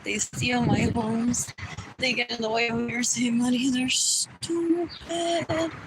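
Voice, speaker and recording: High-voiced woman muttering on a livestream. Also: little pitch movement, normal speed. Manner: repetitive, muttering, drifts into whispers. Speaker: livestream host. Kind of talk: rambling solo livestream monologue. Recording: loud ambient noise with birdsong.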